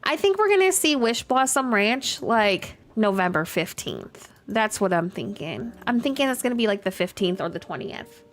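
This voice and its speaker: A young adult woman streams a game and chats casually with viewers, laughing often, reading chat aloud and using lots of fillers. Her medium-pitched voice is very animated at a normal speed with few pauses, and faint music plays behind her.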